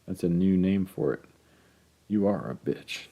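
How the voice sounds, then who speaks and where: A man's voice: deep voice, measured pace, mellow. A man reading aloud, voicing a bitter, humiliated husband who keeps pressing his wife.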